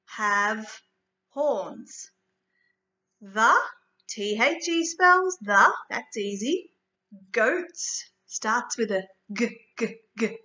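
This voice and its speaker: A woman teacher reading a story aloud and leading a writing lesson for young children, clear and expressive. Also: high-pitched. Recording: echoey room from far off, dull.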